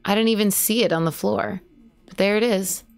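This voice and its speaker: Live-streaming a horror game, a woman chats with her viewers, lets out yelps when jump scares hit and swears casually throughout her commentary. She speaks at a moderate pace in a mid-range, creaky voice.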